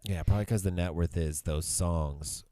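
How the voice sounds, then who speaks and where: A man's voice: deep voice, steady tone, normal speed, mellow, dry recording, clean studio sound. A man co-hosting a casual podcast chat, laid-back and playful. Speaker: podcast co-host.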